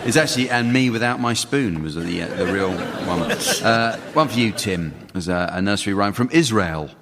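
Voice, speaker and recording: Deadpan man hosting a radio panel game. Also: low voice, normal speed, crowd noise, background noise. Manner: dry, deadpan delivery of jokes. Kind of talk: deadpan comic hosting, reading rhymes aloud. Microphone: studio microphone. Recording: radio studio with a live audience, some hall reverb.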